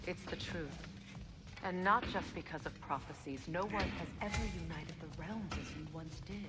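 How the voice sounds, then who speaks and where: An actress playing an earnest, persuasive goddess companion in a video game. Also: female voice, lowish voice, normal speed, lightly acted. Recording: noisy game audio.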